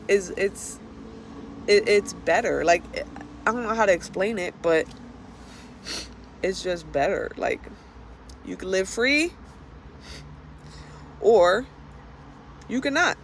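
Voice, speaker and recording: A woman in the middle of an unscripted vlog rant, her pitch sitting in a middle range. She talks bluntly and swears freely, stumbling and restarting as her frustration comes out. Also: expressive, slow pace, long pauses, a little hiss or hum. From Florida. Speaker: vlogger.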